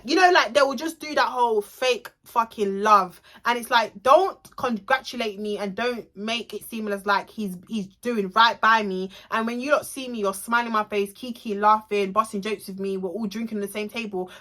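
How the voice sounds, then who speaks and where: Young girl telling a storytime, bright voice, animated and swearing a lot. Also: a little high. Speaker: vlogger. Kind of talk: storytime vlog.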